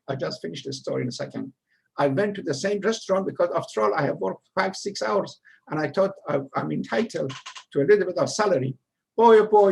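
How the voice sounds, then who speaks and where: A man's voice: sits high, gravelly, slightly rough. An older man from Iran, telling his immigrant story in a rambling, humorous way. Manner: rambling, humorous, laughs at himself. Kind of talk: casual storytelling talk.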